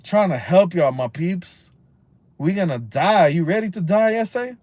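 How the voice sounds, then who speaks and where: A man's voice: high-pitched, lively intonation, a little slow, a little mellow, no room sound. A man of about thirty, ranting casually on a live stream from inside a car, heated and profane, rambling and mixing in Spanish slang. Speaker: livestream host.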